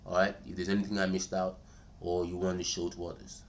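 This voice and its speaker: Man, very low voice, laid-back tutorial host; chatty, repeats himself, keeps asking "all right?". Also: little pitch movement, slight background noise. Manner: chatty and repetitive, calls viewers "bro" and "man", checks in with "all right?"; slows down and speaks steadily when demonstrating. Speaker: voice coach vlogger. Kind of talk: casual spoken tutorial.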